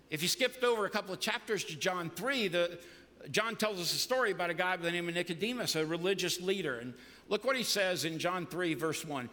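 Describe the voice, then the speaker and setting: A man's voice: on the high side, sharp tone. Preaching man in an echoing hall. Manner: preaching with rising emphatic punches. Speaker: pastor. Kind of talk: sermon. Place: church sanctuary. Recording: long reverb of a large hall.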